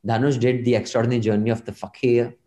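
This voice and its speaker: A man's voice: medium pitch, level tone, fast talker, mellow, echoey room. A man hosting a podcast in casual chat, reading listener emails aloud and adding his own asides. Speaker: podcast host.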